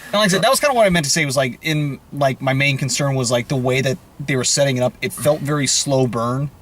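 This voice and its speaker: A man co-reviewing a movie in casual chat, relaxed and a bit hesitant. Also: medium pitch, fast talker.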